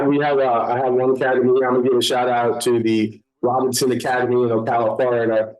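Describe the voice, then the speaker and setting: A man hosting a casual podcast conversation, an animated storyteller telling umpire stories. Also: rough recording. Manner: animated storyteller, voices get higher when quoting people. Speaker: podcast host.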